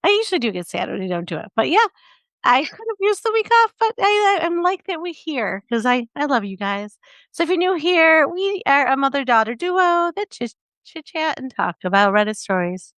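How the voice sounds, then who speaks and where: A woman's voice: high-pitched, very animated, normal speed, a bit bright, no echo. A middle-aged American woman hosting a podcast, chatting casually and laughing easily with her daughter. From United States. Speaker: podcast host. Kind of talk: casual chat.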